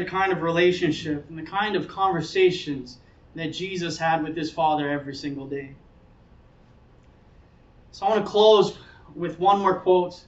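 A man's voice: high voice, fairly bright tone. A man preaching a sermon in an earnest way, now and then acting out the voices of people in his story. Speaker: pastor. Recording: echoey hall, speaker far from mic, dull sound.

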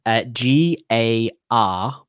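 A man's voice: mid-range voice, animated, very slow, smooth, no room sound, clean studio sound. A man hosting a casual podcast quiz, teasing the players and laughing as he reads out questions.

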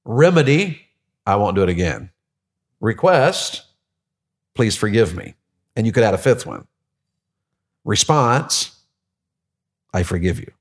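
A man preaching a sermon as pastor, animated and jokey, with many restarts. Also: fairly low pitch, unhurried, long pauses.

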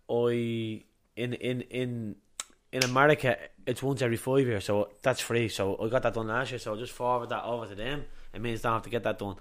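Young irish fella rattling off stories real quick, swearing, mid pitch. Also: male voice. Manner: rapid, chatty, swears freely, repeats itself. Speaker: boxer interviewee. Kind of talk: casual chat, storytelling.

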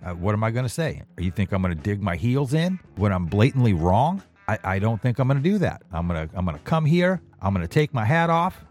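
Male podcast host, forties, low and lively, self-deprecating rambler. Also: a little fast, soft background music. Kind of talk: casual monologue.

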